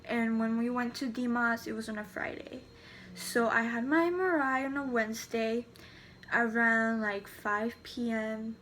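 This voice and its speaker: A woman's voice: a little high, unhurried, fairly bright tone, a little hiss or hum. Chatty teenage girl, rambling story. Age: teens. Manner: rambling, many "like" fillers and restarts. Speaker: vlogger. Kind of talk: casual storytelling to camera.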